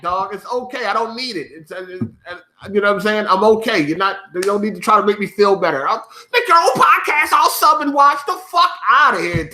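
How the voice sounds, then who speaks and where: A man's voice: very high-pitched, very animated, a little slow, pushed and bright, reverberant. A man ranting to his viewers as a gaming YouTuber, profane and mocking, often breaking into laughter.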